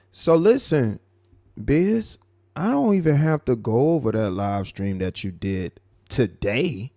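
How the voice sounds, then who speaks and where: A man hosting a live stream, commenting on a clip in a mocking, animated way. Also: mid-range voice, no room sound, clean studio sound. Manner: mocking, animated, drawn-out asides. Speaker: live show host.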